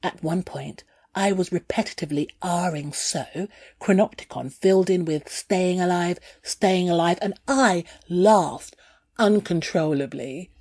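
A woman reading her own first-person memoir aloud in a candid, unhurried storytelling manner. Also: fairly low pitch, a little mellow, husky, no echo. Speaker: narrator.

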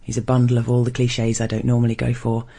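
Man with a gravelly, husky reading voice. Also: medium pitch, monotone, fast, mellow. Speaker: reader of an erotic story. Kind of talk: first-person erotic story reading.

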